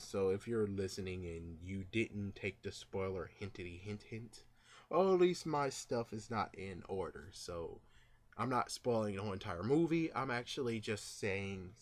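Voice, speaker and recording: A man vlogging his casual, rambling thoughts on a movie, full of fillers and asides, who gets louder when retelling scenes. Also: lowish voice. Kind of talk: casual movie reaction vlog.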